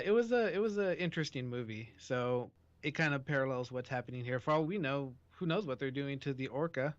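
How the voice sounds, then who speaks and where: A man co-hosting a casual talk radio show, tossing in dry jokes at a middling pitch. The sound is dull and a little lo-fi, with no room around it. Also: no echo. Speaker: radio co-host.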